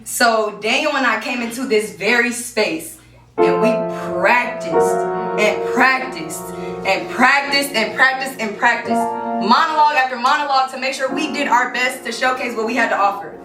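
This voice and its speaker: Solo stage performer: young woman, high voice, lively, playful, recorded from far off in a roomy hall. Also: moderate pace. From Kansas City, Missouri. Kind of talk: one-woman stage show storytelling. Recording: roomy live stage, distant mic, music.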